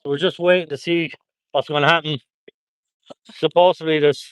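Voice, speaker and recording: A man's voice: on the high side, fairly even intonation, normal speed, pauses often, smooth, no room sound, lo-fi sound. An Irish man chatting on a live stream, reading out viewer comments and thanking viewers by place in an upbeat way, outdoors at a protest on a phone held close. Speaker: livestreamer.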